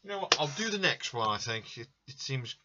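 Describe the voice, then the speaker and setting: A man's voice: medium pitch, sing-song, brisk, background noise. A man hosting a drawing livestream in casual chat, greeting viewers by name and murmuring as he reads out requests. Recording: dull lo-fi stream audio.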